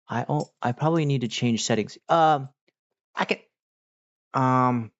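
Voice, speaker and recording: A man hosting a casual livestream, talking to chat in a relaxed, rambling way with many fillers. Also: mid-range voice, no echo. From United States. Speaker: livestream host. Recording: dull, dry mic sound.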